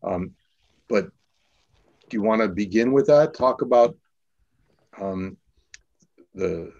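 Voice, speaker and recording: A man's voice: on the low side, takes it slowly, a little mellow, dull audio. A man chairing a task force meeting online, speaking with many fillers and restarts.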